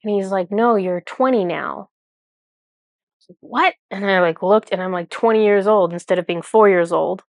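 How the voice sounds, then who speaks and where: A woman's voice: mid-range voice, moderate pace, few pauses, a little mellow, no echo, studio quality. A woman with two small children tells viewers a personal spiritual experience in a casual, rambling way, full of "like" and self-corrections. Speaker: spiritual channeler telling a personal story.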